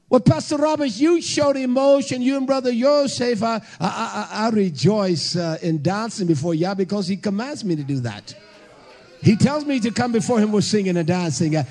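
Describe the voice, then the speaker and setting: A man preaching a fiery sermon to a congregation, hollering and emphatic, with bursts of shouting. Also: sits high.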